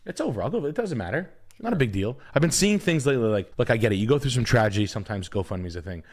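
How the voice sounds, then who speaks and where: A man rants on a casual podcast, blunt and full of swearing. His pitch swings widely, and he jumps up into shouts when he gets worked up. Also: big pitch swings, quick pace, hardly any pauses. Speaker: podcast host.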